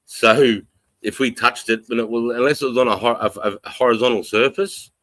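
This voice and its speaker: A man's voice: mid-range voice, steady tone, moderate pace, fairly bright tone, no room sound, rough recording. An Australian man hosting a casual live stream, rambling, swearing freely and reading out chat comments. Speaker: livestream host. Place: home in the countryside.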